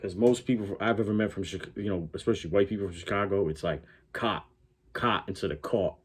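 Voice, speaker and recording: A man's voice: deep voice, fast talker, a little mellow, slightly rough. A man with a Connecticut accent doing reaction commentary, blunt and profane, talking back at the clip he is watching. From Connecticut, USA. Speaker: reaction YouTuber.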